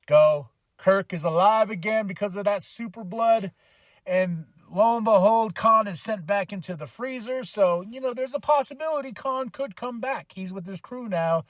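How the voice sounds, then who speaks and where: A high-pitched man hosts a podcast, recapping a film plot in a rambling, slangy manner crowded with fillers. It is a casual movie review, recorded at studio quality with no room sound.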